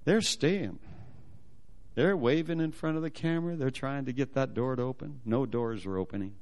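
A man telling a personal testimony as a sermon, animated and acting out the voices of the people in his story. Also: medium pitch, normal speed.

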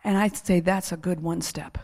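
A middle-aged woman preacher telling a testimony with lively laughter, then leading a hushed prayer. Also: fairly low pitch, normal speed. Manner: animated storytelling with laughter, sliding into hushed prayer.

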